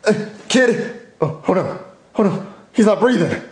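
A man's voice: high-pitched, big pitch swings, a little slow, breathy edge. A man playing a panicky, bumbling dad who stammers frantically in a comedy puppet skit. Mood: nervous.

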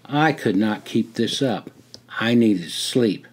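An older man reading his own memoir aloud in a measured storytelling way. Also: on the low side, lively intonation. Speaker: memoir narrator.

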